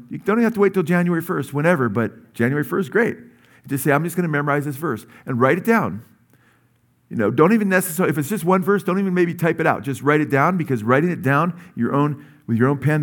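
Conversational male pastor preaching. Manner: conversational, with many asides and "amen?" checks; rises in pitch and energy when urging the congregation. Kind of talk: sermon.

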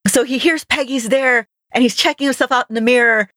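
A woman's voice: high-pitched, fairly even intonation, fairly quick, sharp tone, no echo. Woman co-host, casual chatty recap, dry close sound. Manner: chatty, laughs easily. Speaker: podcast co-host. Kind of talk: casual chat.

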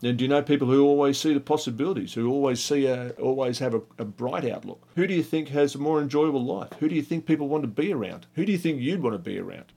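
Earnest motivational speaker. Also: male voice, medium pitch, fast talker, vocal fry, few pauses, warm tone. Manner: earnest, rhetorical questions. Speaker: podcast host. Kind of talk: motivational monologue.

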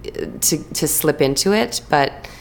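Low, gravelly young actress chatting. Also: female voice. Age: young adult. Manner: animated storyteller, quick restarts, lively imitations. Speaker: actress and voice actor. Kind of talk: casual interview chat.

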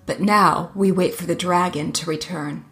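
A woman voicing a clever young soldier who speaks calmly and dryly in a storybook reading. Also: fairly low pitch, moderate pace, faint music behind. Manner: calm, dry and thoughtful.

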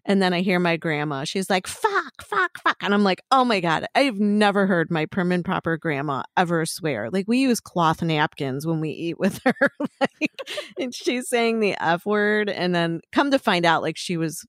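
A woman's voice: on the low side, lively intonation, normal speed, dry recording, clean studio sound. A middle-aged woman co-hosting a podcast in casual chat, telling stories with lots of "like" and restarts. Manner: chatty storyteller, frequent "like" and restarts. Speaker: podcast co-host.

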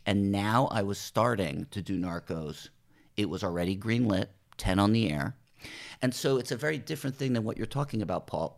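Middle-aged guy with a deep gravelly voice, tells lively showbiz stories, swears casually. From New Jersey. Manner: animated anecdotes, acts out quoted voices, swears casually. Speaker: TV writer and showrunner, podcast guest. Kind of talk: casual storytelling interview.

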